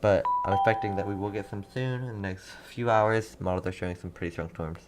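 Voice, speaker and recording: A young man with a lowish voice runs a live weather stream from his home desk, reading chat comments aloud and repeating town names before each storm alert. He sounds casual and a little distracted, and faint keyboard typing is heard behind him. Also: steady tone, a little fast, noisy background. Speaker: livestream weather host.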